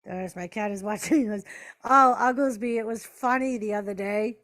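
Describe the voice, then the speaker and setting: A woman with a slightly bright, medium-pitched voice hosts a casual live watch party at a moderate pace. She chats with viewers and answers their messages, calls the action, and talks to her pets.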